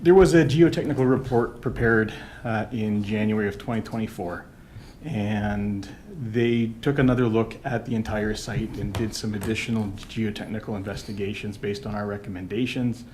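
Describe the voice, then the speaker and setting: A man's voice: fairly low pitch, steady tone, moderate pace, darkish tone, slight background noise. A man, an engineering consultant, explaining technical details to council at a microphone in the chambers, plainly and methodically. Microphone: microphone at a podium.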